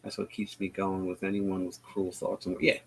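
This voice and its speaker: A man hosting a live stream, talking bluntly and profanely, with lively retellings and frequent restarts. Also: sits low, normal speed, creaky, slightly rough, low-quality recording. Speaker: livestream host. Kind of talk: casual political commentary.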